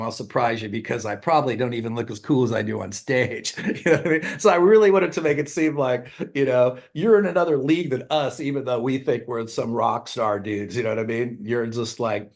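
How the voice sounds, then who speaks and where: A middle-aged man, a rock singer, telling rambling stories in a casual interview, acting out quotes in raised voices and swearing freely. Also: medium pitch. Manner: animated storyteller, acts out quotes in raised voices, laughs often. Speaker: songwriter and band singer, interview guest.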